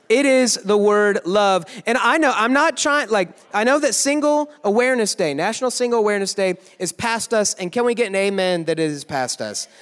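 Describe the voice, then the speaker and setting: A young man giving a joking youth sermon, teasing the crowd with quick asides in a large worship hall. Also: high-pitched, smooth. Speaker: youth pastor. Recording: echoey hall.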